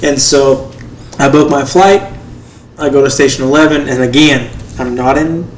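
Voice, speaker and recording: Man telling a lively story. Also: mid-range voice, moderate pace, reverberant, a little hiss or hum, poor audio. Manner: animated storyteller, acts out quotes in other voices. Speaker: podcast co-host, first responder. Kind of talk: casual storytelling.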